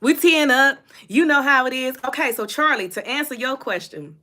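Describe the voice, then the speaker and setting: A woman's voice: sits high, animated, a little fast, bright, forceful tone. A young woman, hosting a casual livestream on her phone, chatting and reading out viewer comments. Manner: chatty, answers viewer comments, laughs often. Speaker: host.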